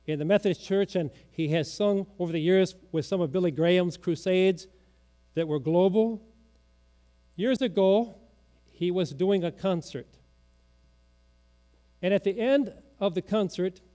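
A man preaching a sermon in a church, telling a story slowly and dramatically, sometimes dropping to a hush. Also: high voice. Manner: slow dramatic storytelling, drops to a hush at the end.

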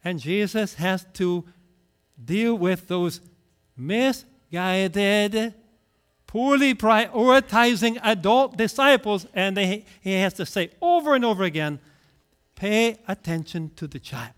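A middle-aged male pastor preaching a sermon, telling stories with lively acted-out voices. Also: high voice, slow, smooth. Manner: animated storytelling, acting out voices.

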